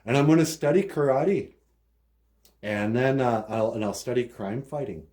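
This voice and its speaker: Guy putting on bruce wayne, earnest young hero, way higher than his own voice, exclaiming, comic story. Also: normal speed, mellow, natural voice. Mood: determined.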